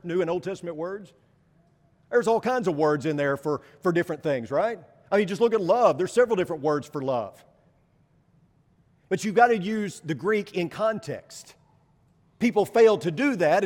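A man's voice: a little high, darkish tone, big-room sound. A male preacher giving an emphatic sermon, repeating his phrases and asking the congregation rhetorical questions.

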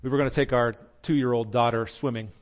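This young Southern American pastor moves fairly quickly through an earnest personal story during his sermon, his voice climbing and falling in pitch and volume despite fairly even intonation. The highs are cut off in the recording.

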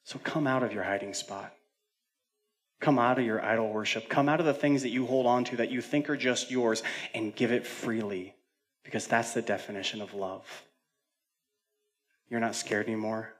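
A male pastor preaching a sermon, moving between loud urgent declarations and hushed near-whispered storytelling, with casual fillers and self-deprecating humor. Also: mid-range voice, steady tone, normal speed. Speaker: senior pastor.

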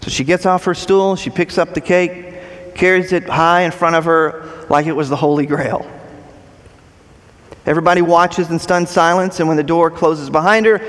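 High-voiced preacher in a reverberant hall. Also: male voice, moderate pace. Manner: animated, dramatic storyteller. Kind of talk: sermon storytelling.

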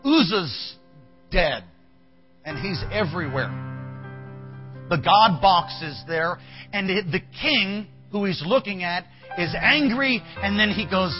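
Preacher guy, higher voice, kinda dull lo-fi sound, soft band playing under him. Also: slow. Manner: animated, acts out characters, talks to the band. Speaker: pastor. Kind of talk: sermon storytelling. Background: soft band music.

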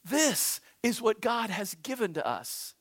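Male pastor, sermon, high-pitched voice, very lively delivery. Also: unhurried, slightly rough. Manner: animated storytelling with shouted emphasis.

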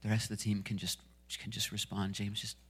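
Preaching from a church stage backed by a live band and worship music, a pastor in his thirties speaks fairly quickly in a lowish, breathy voice with flat delivery. He starts chatty and laughing a lot before rising into fervent emphasis.

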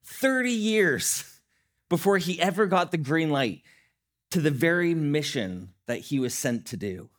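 Animated man preaching a sermon. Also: on the high side, normal speed. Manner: animated, conversational preaching with acted-out quotes. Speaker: pastor.

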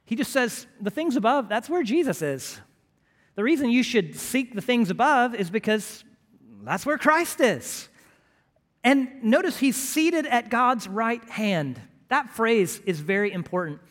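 High-voiced preacher in an echoing church. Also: male voice, big pitch swings, unhurried. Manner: emphatic, builds to loud pleading bursts. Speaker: pastor. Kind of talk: sermon.

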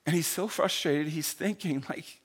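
A man with a slightly high voice preaching a sermon and telling a story. He swings between loud, quick bursts and hushed, slow passages. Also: breathy edge. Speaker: pastor.

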